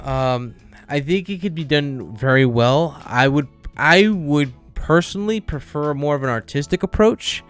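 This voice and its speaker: A man with a somewhat high voice rambles eagerly through a casual podcast chat, full of "like" and restarts. Soft music plays in the background. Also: expressive, measured pace, clean tone. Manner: rambling, filler-heavy, enthusiastic. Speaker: podcast co-host. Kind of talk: casual chat about games.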